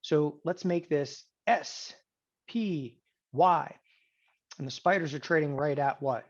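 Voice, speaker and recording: A man teaching an options trading class, animated and sarcastic, often acting out students' voices. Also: fairly high pitch, slow pace. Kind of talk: classroom lecture. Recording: dull lo-fi sound.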